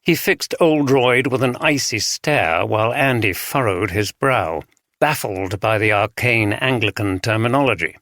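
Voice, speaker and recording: With a lowish voice, a man gives a measured, even audiobook narration from a script. The recording is dry and studio quality.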